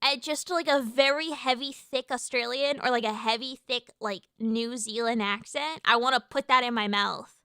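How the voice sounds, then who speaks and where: A young American woman streaming from home, chatting casually and rambling excitedly, with lots of restarts and fillers. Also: fairly high pitch, normal speed, clear, resonant tone, no echo, clean studio sound. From United States. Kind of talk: casual live-stream chat.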